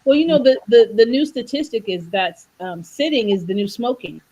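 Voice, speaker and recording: A woman's voice: fairly high pitch, moderate pace, dull audio, slight background noise. A woman wellness coach on a video call, talking about faith and health and acting out voices when she tells a story. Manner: animated storyteller, preachy, acts out voices in jokes. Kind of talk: faith-based wellness talk on a livestream.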